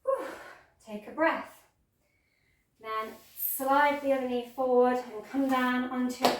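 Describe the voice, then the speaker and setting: Woman yoga teacher, playful gentle cueing, higher voice, very echoey room, mic set back. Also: moderate pace, recorded from a distance, a little hiss or hum. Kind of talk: guided yoga class instruction.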